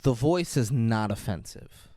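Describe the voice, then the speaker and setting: A man's voice: mid-range voice, animated, unhurried, warm tone. A man co-hosting a film review podcast, cutting in with blunt, teasing corrections in casual chat. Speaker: podcast co-host.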